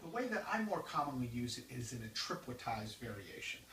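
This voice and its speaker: Guy explaining drum roll exercises, mid pitch, loud drums in the room. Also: big pitch swings, brisk, very noisy. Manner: counts off exercises loudly between explanations. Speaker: drum teacher. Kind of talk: instructional demonstration. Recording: roomy, distant mic with loud drumming.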